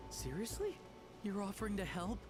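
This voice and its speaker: An actor playing an earnest, polite young railway worker in a video game. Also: male voice, high-pitched, big pitch swings, moderate pace. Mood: eager. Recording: game audio with loud background music.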